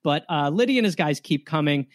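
Guy telling a history story on a comedy podcast, kinda high voice, jokey asides. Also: lively intonation, a little fast. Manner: loose, joking narration with asides. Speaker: podcast host.

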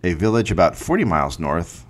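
A middle-aged man with a low voice tells a history story on a podcast. He swings his pitch widely through the telling and drops in dry, deadpan asides between the facts. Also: a little fast. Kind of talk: reading a history story with banter.

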